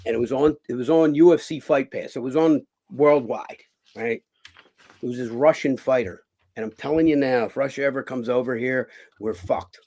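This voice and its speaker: A man talks as a guest in a casual interview, and his voice has a gravelly, rough texture. He tells his stories with energy and acts out other people's lines, swearing freely along the way. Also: mid-range voice, a little mellow. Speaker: guest, former boxer and cut man.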